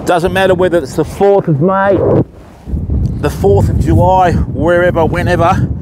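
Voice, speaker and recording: Australian fishing host, man, high voice, matey chat, noisy beach recording. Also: fairly even intonation, moderate pace. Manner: chatty, matey, addresses viewers directly. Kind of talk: casual live-stream chat to viewers. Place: outdoors on a surf beach.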